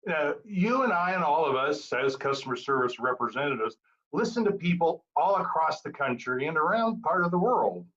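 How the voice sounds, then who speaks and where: A man delivering a prepared club speech full of dry humor. His voice sits a little high and swings widely in pitch as he tells his stories. The recording sounds dull and lo-fi. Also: moderate pace. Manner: humorous, animated storytelling delivery. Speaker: Toastmasters speaker.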